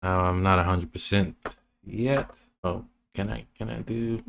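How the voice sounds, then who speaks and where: A man's voice: low-pitched, steady tone, a little slow, vocal fry, a little hiss or hum. A man casually walking through trading charts, rambling and restarting his sentences. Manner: rambling, restarts often, many fillers. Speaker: trading educator.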